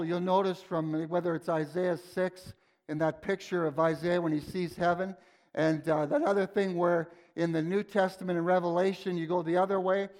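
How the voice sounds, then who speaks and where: A man preaching a sermon in a church, praying and teaching with fervent, emphatic repetition. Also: high voice. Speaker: pastor. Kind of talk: sermon with prayer. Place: church sanctuary.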